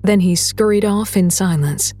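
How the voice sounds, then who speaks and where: A woman narrating a story in a steady, measured read. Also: mid-range voice, faint music behind. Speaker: audiobook narrator.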